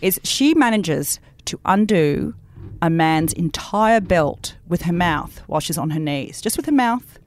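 A woman co-hosting a casual book club podcast, chatty, with quick bursts and restarts. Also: fairly low pitch, lively intonation. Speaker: podcast co-host.

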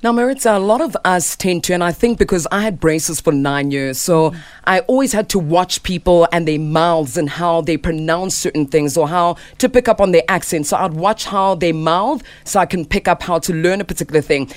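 A woman's voice: on the low side, normal speed, few pauses, no room sound. A woman from South Africa co-hosting a morning radio show, chatty and playful. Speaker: radio co-host. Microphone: studio microphone.

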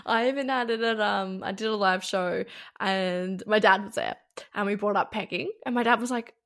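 A woman's voice: medium pitch, normal speed, a bit bright. Chatty woman host on a podcast, talks loose with lots of "like"s, laughs a lot. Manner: chatty, laughs often, many fillers like "like". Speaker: podcast host, sexologist and sex educator. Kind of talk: casual podcast conversation.

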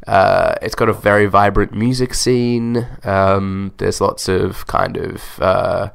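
A man's voice: low voice, steady tone, slow pace, creaky. A man with a slight English accent, chatting easily on a podcast in a rambling way. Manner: easygoing, rambling. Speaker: podcast co-host. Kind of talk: casual podcast chat.

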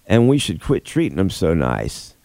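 Deadpan lower-voiced man reading odd news. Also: normal speed, vocal fry, no echo. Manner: deadpan, jokey. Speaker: podcast co-host presenting a news segment. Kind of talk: casual podcast banter.

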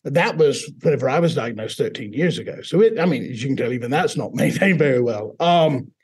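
Husky man with British-sounding accent. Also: mid-range voice, brisk. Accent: British-sounding accent from foreign accent syndrome. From Mississippi, US South. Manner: animated storyteller, acts out quoted voices. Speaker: guest. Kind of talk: conversational interview storytelling.

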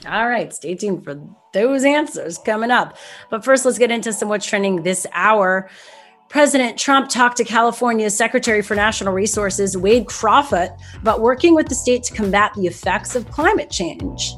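A woman's voice: medium pitch, expressive, normal speed, a bit bright, faint music behind. Upbeat woman news show host. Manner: upbeat, chatty, laughs easily. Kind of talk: news segment hosting.

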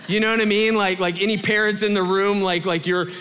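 A man in his thirties, a pastor giving a sermon in a chatty, animated storytelling way. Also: high-pitched, fairly quick, in a large hall. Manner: animated, conversational storytelling with lots of fillers.

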